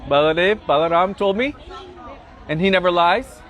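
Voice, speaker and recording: A man's voice: high-pitched, animated, normal speed, a bit bright, a faint crowd. Man doing a sulky, hurt little boy. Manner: wounded, stubborn. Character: hurt, sulking young boy.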